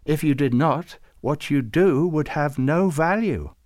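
A man's voice: a little high, measured pace, a little mellow, no echo, studio quality, voice pushed up, natural voice. A man voicing a solemn old male saint who leads a council, speaking in a stately, intoning way in a storybook reading. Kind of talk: storybook character voice.

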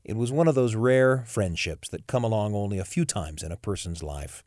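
A man hosting a podcast, telling a story with reflective, expressive delivery and occasional stammering restarts. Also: fairly low pitch, moderate pace, no room sound, studio quality. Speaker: podcast host. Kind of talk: warm storytelling host narration.

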